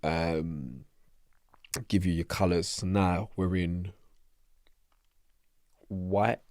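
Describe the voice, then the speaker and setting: A young man with a London accent telling a prison story in an interview, animated and swearing freely, acting out other people's voices. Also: deep voice, drawn-out words, dry recording, studio quality. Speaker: interview guest. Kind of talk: casual storytelling.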